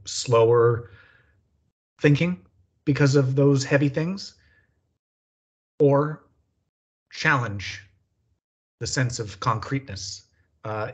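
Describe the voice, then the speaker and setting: A man hosting a podcast in casual conversation, speaking slowly and deliberately with long reflective pauses. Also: medium pitch, dull audio. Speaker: podcast host.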